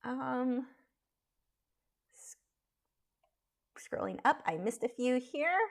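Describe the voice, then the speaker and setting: A woman's voice: high-pitched, animated, extremely slow. A woman chatting casually while teaching a live drawing stream, frank and talkative, with frequent fillers and restarts. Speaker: art instructor streaming live.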